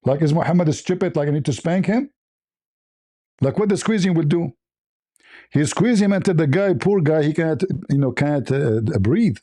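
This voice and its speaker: A man hosting an online religious debate. He argues forcefully and mocks his opponent, laughing often and hammering his points with repeated rhetorical questions. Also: a little high, expressive, normal speed. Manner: argumentative, mocking, with frequent laughs. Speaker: debate host.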